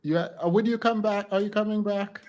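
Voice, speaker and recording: A man in a slightly higher register runs a casual livestream. He teases his guests in quick, playful banter. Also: steady tone, a little mellow. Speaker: livestream host.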